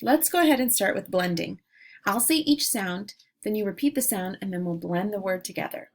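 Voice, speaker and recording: A woman teacher leading a phonics lesson, saying words and breaking them into sounds slowly and clearly. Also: medium pitch. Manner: slow, clearly segmented sounds. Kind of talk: phonemic awareness lesson.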